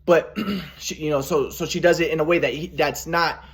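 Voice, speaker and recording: A man's voice: fairly high pitch, fairly even intonation, normal speed. A man telling a personal story in a rambling way, with many restarts, acting out what people said. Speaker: vlogger.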